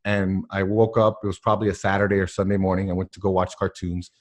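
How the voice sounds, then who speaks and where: Podcast guest, male, low voice, animated and emphatic storyteller, lots of "like" and "you know". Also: quick pace. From Miami area, US. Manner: animated, emphatic, many filler words. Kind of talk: casual personal storytelling.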